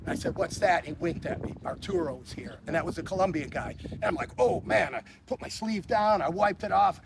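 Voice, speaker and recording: A man in his sixties with a fairly high voice. He talks bluntly and swears often. He stumbles over repeated words as he tells his stories in a casual interview, with a faint hum of noise behind him. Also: brisk, vocal fry, few pauses. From Chicago. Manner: blunt, profane, frequent stammered restarts. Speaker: interview guest.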